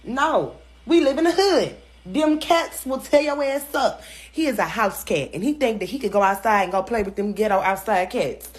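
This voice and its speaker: A woman's voice: fairly high pitch, expressive, normal speed. A woman in a casual home video, firmly and emphatically scolding her house cat to keep it indoors. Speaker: cat owner.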